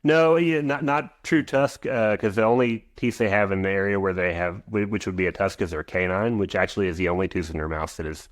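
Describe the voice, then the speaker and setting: A man's voice: on the low side, steady tone, fairly quick, hardly any pauses, no room sound. A man in his forties, an equine veterinarian and guest on a podcast interview, rambling with frequent restarts and asides.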